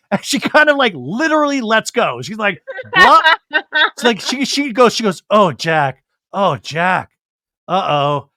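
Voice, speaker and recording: A man's voice: extremely high pitch, no echo, studio quality. A young man hosting a comedy podcast, recapping a film with camp, mocking humor and quoting scenes in silly voices. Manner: animated, camp, mocking, swears freely. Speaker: podcast host.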